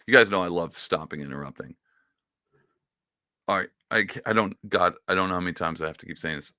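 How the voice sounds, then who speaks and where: A man's voice: low-pitched, pushed and bright, slight background noise. A man hosting a casual reaction commentary, talking in a sarcastic, mocking and rambling way. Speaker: political commentary host.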